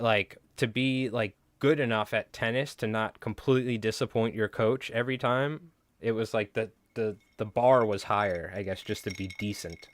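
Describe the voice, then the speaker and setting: A man's voice: fairly low pitch, dry recording. A young adult man hosting a live stream, chatting casually and rambling through stories full of filler words and swearing. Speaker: livestream host. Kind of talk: casual chat while tying flies on a live stream.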